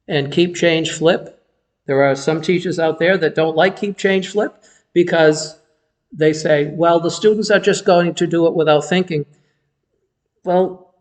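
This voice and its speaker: A man teaching math in a recorded video lesson, explaining step by step in a patient, encouraging way, indoors in a room. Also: on the high side. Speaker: sixth-grade math teacher. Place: indoor room with automatic lights.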